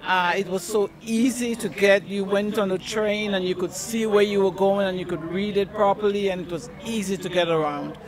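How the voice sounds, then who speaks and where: An American man giving halting, plain answers in an interview. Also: high voice, steady tone, a crowd in the background. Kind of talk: casual chat.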